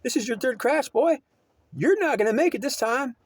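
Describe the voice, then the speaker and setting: A man's voice: very high voice, expressive, normal speed, slightly rough, dry recording, voice pushed up, full character voice. A man putting on the voice of a stern, scolding male God who taunts a frightened soldier and calls him boy.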